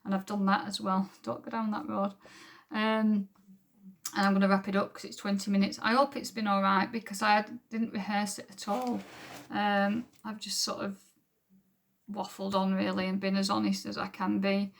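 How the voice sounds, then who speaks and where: A woman's voice: mid-range voice, level tone, normal speed, vocal fry. A woman giving an unrehearsed personal church testimony to camera, earnest and rambling, with frequent ums. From England. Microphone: camera recording at home.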